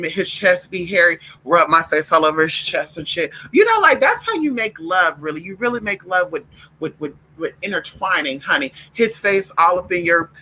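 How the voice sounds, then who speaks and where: A man talks to his viewers in a loose, campy, foul-mouthed chat, calling everyone girl and honey. His voice is strikingly bright and a little high. His pitch swings widely as he goes. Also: poor audio. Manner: animated, breaks off to talk to his dogs. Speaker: vlogger. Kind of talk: casual livestream chat.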